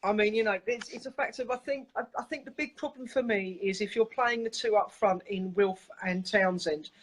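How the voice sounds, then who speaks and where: A man's voice: high voice, normal speed, a little hiss or hum, low-quality recording. A man on a video call giving his opinions on a football match, earnest and opinionated. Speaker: caller. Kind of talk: casual football chat.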